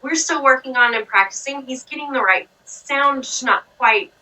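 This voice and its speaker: A woman's voice: sits high, normal speed, bright, forceful tone, far from the mic, rough recording. A woman with a Southern US accent from Georgia, teaching a child phonics, patiently explaining and praising. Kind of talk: one-on-one reading lesson.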